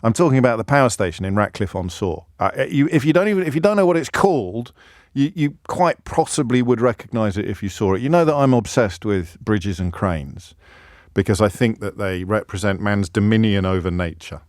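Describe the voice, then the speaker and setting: Rambling English talk radio host. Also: male voice, on the low side, animated, brisk, a little mellow, no room sound, studio quality. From England. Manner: rambling, self-deprecating, with many restarts. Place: radio studio. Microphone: studio microphone.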